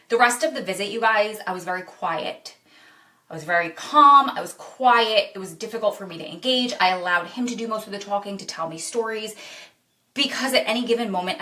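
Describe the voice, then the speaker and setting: A woman's voice: medium pitch, bright, forceful tone, distant mic. A woman vlogger talking earnestly and directly to her viewers in a confessional chat. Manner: earnest, direct address, retelling with quotes. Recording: echoey room, off-mic.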